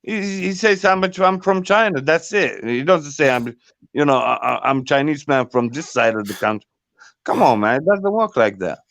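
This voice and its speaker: A man's voice: mid-range voice, expressive, moderate pace, gravelly, fairly bright tone, no room sound. A man, a guest in a casual chat, indignant and repetitive, switching into Somali now and then. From Somali heritage, UK. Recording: dry, dull lo-fi mic.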